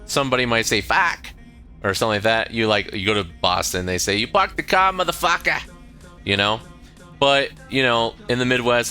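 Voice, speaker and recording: Casting: American man in his thirties, low-pitched and bright, rambling stream chat with lots of swearing. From United States.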